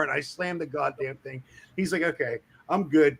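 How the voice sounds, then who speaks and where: A man telling a crude work story in casual chat, acting out the shouting of his coworkers. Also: fairly high pitch, a little fast, vocal fry, husky. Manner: animated, acts out shouting coworkers.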